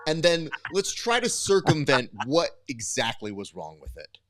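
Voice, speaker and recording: A man co-hosting a casual podcast, joking and throwing in quick asides. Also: medium pitch, huge pitch swings, a bit bright, no echo. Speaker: podcast co-host.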